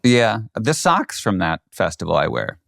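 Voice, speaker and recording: A man's voice: lowish voice, very animated, a little slow, creaky, fairly bright tone, dry recording, clean studio sound. A man co-hosting a podcast, giving laid-back, brief replies in casual chat. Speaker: podcast co-host.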